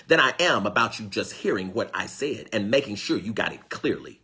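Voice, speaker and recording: A man's voice: fairly low pitch, sing-song, normal speed, sharp tone, slightly rough. A man teaching in a fervent sermon style, calling out to his listeners, repeating phrases for emphasis and pleading to God. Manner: preacherly call-and-response, exclaiming and pleading to God. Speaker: spiritual teacher.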